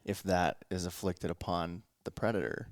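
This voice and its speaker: A man's voice: low-pitched, steady tone, normal speed, no room sound, studio quality. A man hosting a podcast in casual chat, thinking aloud and rambling. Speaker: podcast host.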